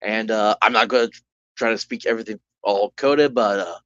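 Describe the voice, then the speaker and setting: The speaker is a man with a fairly low, somewhat bright voice, talking at a moderate pace. He's running a solo tabletop game, narrating loosely with lots of "like," restarts and self-corrections. Audio quality is dull lo-fi.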